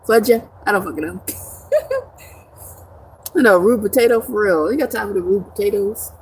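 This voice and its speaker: A woman's voice: mid-range voice, moderate pace, a little hiss or hum. A young woman live streaming in casual chat, reading viewer comments with brash, profane joking and frequent laughter.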